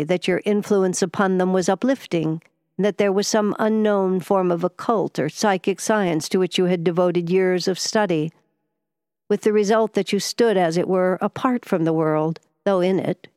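A weary, ailing gentleman, read by a woman, speaks low and meditatively, as if half to himself. His voice is subdued and dispirited, with the dry, close sound of a studio audiobook read. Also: normal speed, no room sound, lightly acted. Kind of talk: audiobook character voice.

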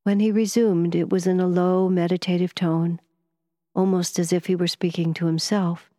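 A woman with a lowish voice reads a novel aloud in the first person, at a measured, even pace. The recording is dry and close, with no room sound around her. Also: no room sound. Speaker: audiobook narrator. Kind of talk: scripted first-person narration.

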